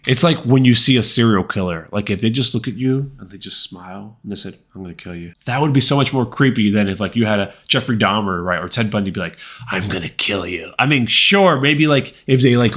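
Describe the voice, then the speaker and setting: A man's voice: fairly low pitch, fairly bright tone. A man reviewing a movie in a casual, conversational way, full of fillers and repeated words. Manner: acts out quoted lines. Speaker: film reviewer.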